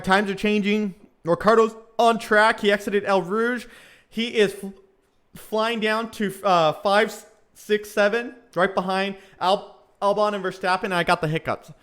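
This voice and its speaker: High-voiced guy, casual race streamer. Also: a bit bright. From Southern California. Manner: chatty fan, reads out viewer comments, many fillers. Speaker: live stream race commentator. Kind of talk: casual live commentary.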